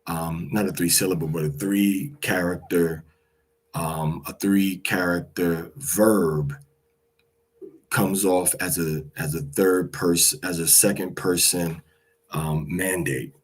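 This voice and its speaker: Deep husky man, slow patient teacher. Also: fairly even intonation. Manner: patient, repeats each pronunciation several times. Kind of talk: explaining a language lesson.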